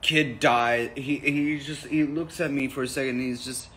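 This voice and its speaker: A man's voice: mid-range voice, fairly even intonation, normal speed, a bit bright, a little hiss or hum. A man telling a comic anecdote in a casual, profane way, jumping into quoted voices. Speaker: comedian telling a story.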